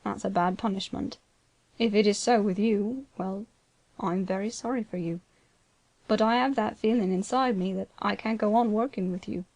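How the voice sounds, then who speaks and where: A grave, plain-spoken older land agent, read by a woman, speaking in a quiet, slow, solemn way. His voice sits at a middle pitch and stays hushed and measured, like a storybook reading. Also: no echo, natural voice. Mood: gentle.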